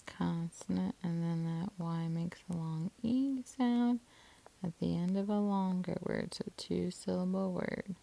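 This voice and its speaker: A woman teaching a spelling lesson, slowly sounding out syllables and letter patterns, with many soft whispered sounds. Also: fairly low pitch, fairly even intonation, vocal fry. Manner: slow, deliberate, sounding out words.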